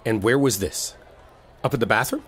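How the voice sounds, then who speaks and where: A man's voice: medium pitch, moderate pace. A man voicing a protective boyfriend in a role-play audio, often swearing. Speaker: ASMR audio performer playing a protective boyfriend.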